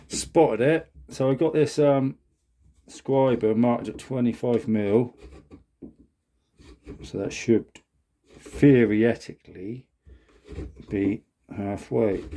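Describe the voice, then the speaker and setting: A man's voice: mid-range voice, mellow. A British man in his sixties chatting casually to camera in a small shed while he works, rambling and talking to himself. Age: 60s. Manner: chatty, rambling, self-talk while working. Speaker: woodworking vlogger. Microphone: camera on a mount.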